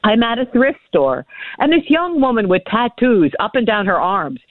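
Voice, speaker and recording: A woman's voice: a little high, big pitch swings, moderate pace, no room sound. A woman from New Hampshire calling in as a political guest. She tells long, digressive stories, laughs often and repeats words as she starts her sentences. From New Hampshire, USA. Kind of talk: chatty storytelling and political commentary. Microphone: telephone. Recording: tinny phone line, dry.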